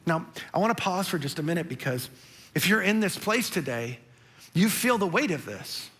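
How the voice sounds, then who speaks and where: Pastor guy preaching, high bright voice, acts out the story lively then goes soft and earnest. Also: normal speed, breathy edge. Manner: animated storytelling, acting out characters with emphasis; drops to a soft, earnest tone when addressing listeners directly. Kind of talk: sermon.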